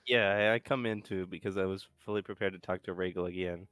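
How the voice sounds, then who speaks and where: Man, tabletop player, low voice, dry close sound, excitable, swears a lot. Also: quick pace, no room sound, soft background music. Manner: excitable, swears, laughs often. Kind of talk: casual chat at a game table.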